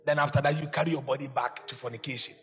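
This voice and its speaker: A man with a Ghanaian accent preaching a sermon, swinging between loud shouts and low asides. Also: steady tone, fast talker, big-room sound, soft background music. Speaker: pastor.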